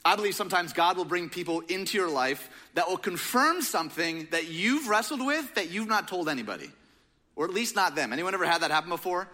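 Young male pastor, high bright voice, casual animated sermon. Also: a little fast. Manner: casual, joking, animated storytelling.

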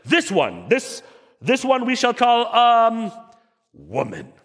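A deep, weighty voice of the first man, booming out a solemn proclamation, as a preacher puts it on. It swoops widely from high calls to low rumbles and lingers on every word. Long reverb trails off in a big hall. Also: wildly swooping pitch, slightly rough, heavily acted. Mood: grand. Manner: slow, grand, drawn-out announcer delivery. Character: booming, authoritative first man naming woman.

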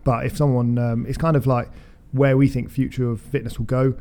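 A man's voice: medium pitch, flat delivery, brisk, dark tone. A man co-hosting a podcast, talking casually and trailing off mid-sentence. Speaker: podcast co-host. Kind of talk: casual chat.

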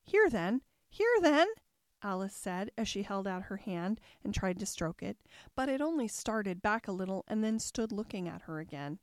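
A woman narrating a classic storybook in a calm, even storytelling manner. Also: mid-range voice, moderate pace, no room sound, clean studio sound. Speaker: audiobook narrator.

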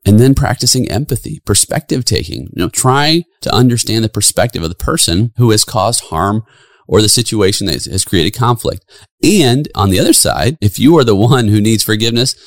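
A man's voice: on the low side, expressive, normal speed, dry recording, clean studio sound. A middle-aged man hosting a solo podcast, speaking with earnest, preacherly emphasis. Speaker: podcast host.

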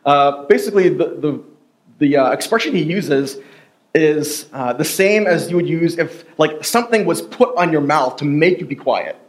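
A man's voice: on the high side, animated, moderate pace. A man preaching a sermon in a church, casual and joking, full of fillers and asides. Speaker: pastor. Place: church sanctuary.

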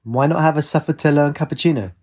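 A man's voice: on the high side, quick pace, darkish tone, pitched above the performer's own voice. A man voicing a boisterous, teasing middle-aged Italian father with an Italian accent. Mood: jovial. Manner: bellowing, teasing.

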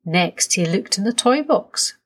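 A woman reading a children's story aloud in a slow, soothing storytelling manner. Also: mid-range voice, animated, slightly rough.

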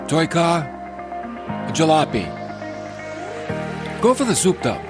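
A man hosting a radio Bible teaching from a studio, folksy and animated, with joking asides. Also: fairly high pitch, slow pace, long pauses, music in the background. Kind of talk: radio sermon.

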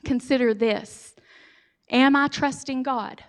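A woman giving a storytelling sermon, animated and humorous, speaking directly to her audience. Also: high voice, takes it slowly. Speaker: speaker giving a church talk.

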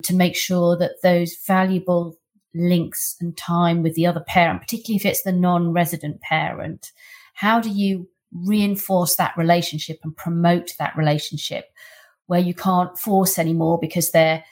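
A woman's voice: lowish voice, a little mellow. A woman hosting a podcast interview, asking questions thoughtfully with small hesitations. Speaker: podcast host.

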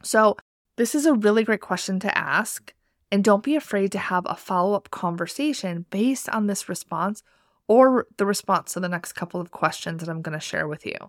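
A woman's voice: mid-range voice, lively intonation, moderate pace, no room sound, clean studio sound. A woman hosting a career podcast, talking directly and with upbeat motivation. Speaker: podcast host and career coach. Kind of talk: scripted podcast intro and solo talk.

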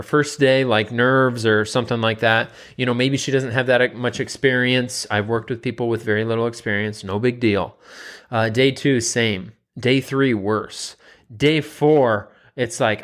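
A man's voice: mid-range voice, normal speed, fairly bright tone. A man, a nutrition coach, telling a story in a casual monologue, rambling with many fillers and repeats.

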